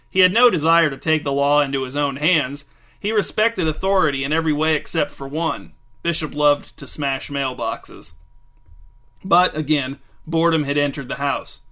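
A man narrating a written story in a dry, measured, deadpan way. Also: fairly high pitch.

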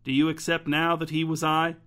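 A man's voice: fairly high pitch, completely flat delivery, pushed and bright. A man doing a frail, stern old host. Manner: weak, measured and formal.

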